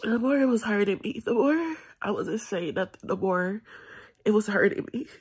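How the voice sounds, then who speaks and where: A woman recording a late-night vlog on her phone, crying and halting, with sighs and long pauses. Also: on the high side, expressive, a little mellow, husky. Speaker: vlogger. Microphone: phone held in hand.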